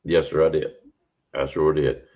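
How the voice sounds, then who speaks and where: A man's voice: a bass voice, flat delivery, normal speed. A man, a podcast guest telling a rambling, folksy encounter story in a casual way. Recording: dull lo-fi audio.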